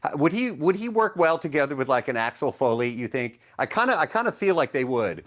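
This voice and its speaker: Upbeat higher-voiced guy hosting, chummy, trips over his words. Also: fairly quick. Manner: excitable, chummy, stammers when eager. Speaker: interview host. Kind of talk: casual interview chat.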